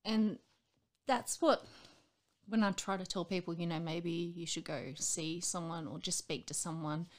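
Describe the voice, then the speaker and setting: A woman's voice: fairly low pitch, steady tone, a little slow. Woman in her late 30s, interview guest, candid and rambling, acts out quotes. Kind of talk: candid personal conversation.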